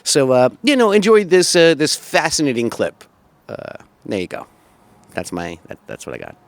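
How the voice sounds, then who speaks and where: A man's voice: mid-range voice, huge pitch swings, moderate pace, creaky, no room sound. A man hosting a podcast in loose, rambling casual chat, laughing often and full of fillers. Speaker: podcast host.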